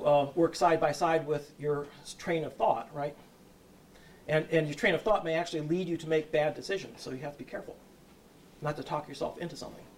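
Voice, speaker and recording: A man's voice: a little high, far from the mic. A man giving a lecture and answering audience questions, often hesitating, restarting and checking with "right?".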